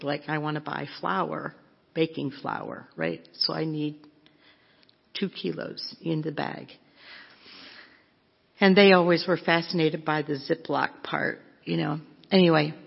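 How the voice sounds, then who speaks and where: A woman with a low, gravelly voice gives a chatty, self-mocking storytelling talk as a missionary speaker, laughing often. The recording sounds dull and lo-fi, with a long hall echo.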